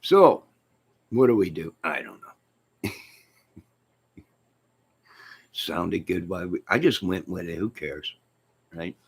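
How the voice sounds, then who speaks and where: Low-voiced rambling joking man. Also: expressive, takes it slowly, creaky, pauses often, husky. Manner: jokey, rambling, sudden loud outbursts. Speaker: channel host. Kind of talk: rambling joking livestream chat.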